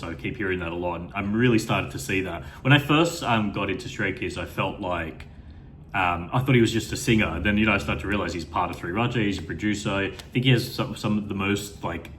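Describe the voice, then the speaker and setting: A man's voice: fairly low pitch, a little fast, fairly bright tone, a little hiss or hum. A man giving an unscripted first-time reaction to a music video, rambling with enthusiasm and plenty of fillers and restarts.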